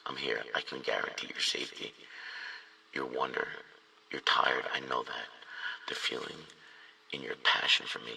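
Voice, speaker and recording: A man's voice: a bass voice, creaky, sharp tone. A man performing spoken word poetry with a rhythmic, rhyming, intense delivery. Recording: distant mic in a reverberant room.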